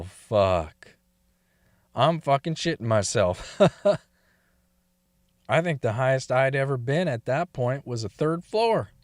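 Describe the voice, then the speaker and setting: A man's voice: medium pitch, no echo, studio quality. A man telling a crude first-person story, swearing and laughing often. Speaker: story reader.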